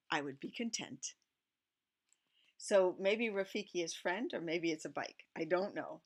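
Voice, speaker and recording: A woman's voice: on the low side, unhurried, a bit bright. A middle-aged woman reading a picture book aloud, chatting and musing between lines and playing the animal sounds. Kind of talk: casual read-aloud with asides.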